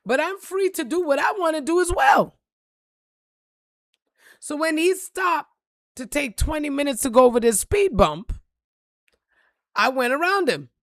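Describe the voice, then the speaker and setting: A woman's voice: high voice, lively intonation, unhurried, long pauses, no echo, studio quality. A woman vlogger telling a story in a blunt, profane, preachy rant. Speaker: spiritual reader and vlogger.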